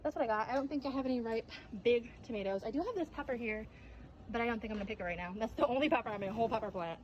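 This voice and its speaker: A woman's voice: on the high side, very fast, muffled recording, slight background noise. A young woman chatting casually to camera in a home vlog, giggly and self-mocking as she cooks and gardens. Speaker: vlogger.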